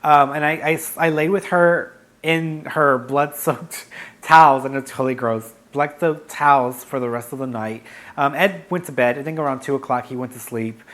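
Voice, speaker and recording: A man's voice: medium pitch, moderate pace, a bit bright. Chatty man telling a story. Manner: chatty, frank, with frequent fillers and self-corrections. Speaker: vlogger, psychic medium. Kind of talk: casual storytelling.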